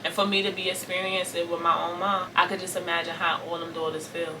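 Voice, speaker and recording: A woman from Brooklyn in her thirties, venting on camera about family pain, raw and tearful, repeating herself as she swings from forceful to soft. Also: fairly low pitch, level tone, fast, distant mic, background noise. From Brooklyn, New York. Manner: raw and tearful, repeating phrases, rising intensity then soft pleading. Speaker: vlogger. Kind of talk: emotional storytime vent to camera.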